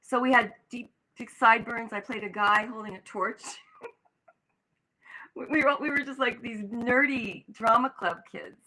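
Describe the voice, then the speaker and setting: A woman's voice: a little high, unhurried, poor audio. An older woman, an actress, telling anecdotes in an interview and acting out the voices of the people she quotes. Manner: animated, acts out quoted voices. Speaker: guest actress. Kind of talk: storytelling in an interview.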